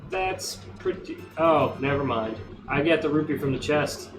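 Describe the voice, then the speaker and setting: A man's voice: a little high, moderate pace, distant mic. A man giving chatty, rambling let's play commentary, recorded off-mic in a roomy space with game music behind. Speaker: gamer streamer.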